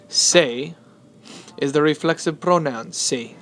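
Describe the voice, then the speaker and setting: A man teaching Spanish spelling and stress, switching between English and Spanish and repeating words slowly. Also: on the high side. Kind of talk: classroom explanation of Spanish spelling.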